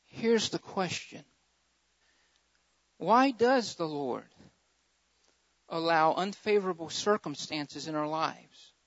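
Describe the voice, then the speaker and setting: A man preaching with a high, lifted voice and impassioned fervor, rising into loud surges, then dropping to quieter emphatic passages. He repeats his key phrases for emphasis. The recording is dry and dull, like a lo-fi sermon tape. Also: gravelly, dry recording. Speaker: pastor.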